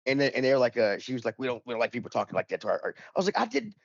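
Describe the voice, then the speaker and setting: A man's voice: medium pitch, sing-song, racing, no echo, highs cut off. A man in casual podcast chat, telling a rambling, profane anecdote and acting out the dialogue in it. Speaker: podcast panelist.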